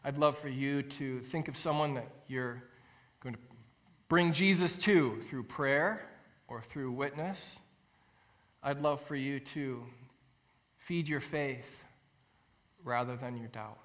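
Bright-voiced male pastor preaching. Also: mid-range voice, slow, pauses often. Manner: animated storytelling, acts out quotes with rising voice; earnest, repeats phrases for emphasis. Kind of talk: sermon.

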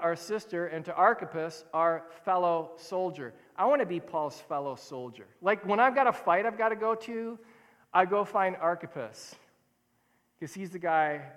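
Male pastor, high voice, chatty animated sermon delivery, reverberant sanctuary. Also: measured pace. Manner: conversational, animated, self-correcting. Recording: long hall reverb.

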